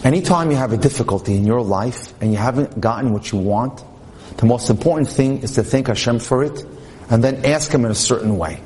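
A man's voice: medium pitch, brisk, a little mellow, a little hiss or hum. Man giving a storytelling Torah talk. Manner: storytelling, translating Hebrew quotes into English; mixes Hebrew terms into English speech. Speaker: religious lecturer.

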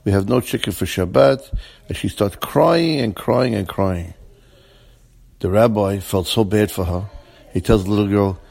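A man telling a story with lively, animated voices for each character. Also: fairly low pitch, measured pace, vocal fry. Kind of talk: storytelling, acting out dialogue.

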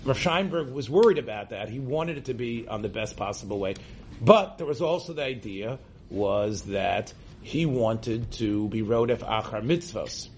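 An American rabbi teaches a class to a roomful of listeners, his medium-pitched voice lively and paced normally. He speaks loosely and conversationally, often restarting and tagging points with "right?" in this informal religious lecture. Slight background noise is audible.

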